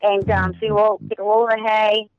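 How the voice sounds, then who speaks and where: Boston woman caller, rapid rambling talk, muffled lo-fi line, dry sound. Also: mid-range voice, little pitch movement, dry recording. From Boston, Massachusetts. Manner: talks very fast, rambling. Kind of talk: casual call-in chat.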